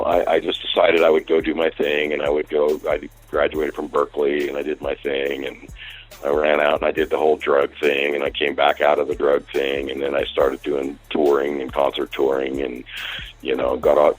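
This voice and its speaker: A man's voice: rumbling low, normal speed, no echo, soft background music, low-quality recording. An older man telling a rambling story in a casual interview, livening up when he quotes conversations. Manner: rambling, animated when quoting dialogue. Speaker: music industry executive, guest.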